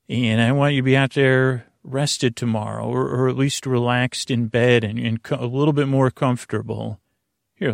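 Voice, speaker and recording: Creaky, soothing sleep-podcast man. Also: mid-range voice, no room sound, clean studio sound. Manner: rambling, full of fillers and tangents. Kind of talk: meandering bedtime talk.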